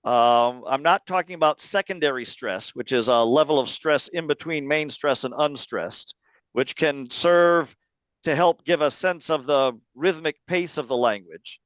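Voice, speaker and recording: A man delivers an academic talk, explaining ideas patiently and pausing often to find his words. His voice is smooth and a little higher than most men's, recorded close and dry with no room sound. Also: fairly bright tone, no echo, poor audio. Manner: measured, explanatory, many "uh" pauses. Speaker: linguistics lecturer. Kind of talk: academic talk answering questions.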